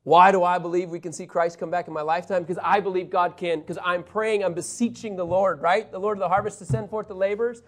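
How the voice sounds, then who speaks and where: A man teaching a Bible lesson in a sermon style, animated, telling stories and moving between loud emphasis and quiet asides. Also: sits high, fast talker, few pauses.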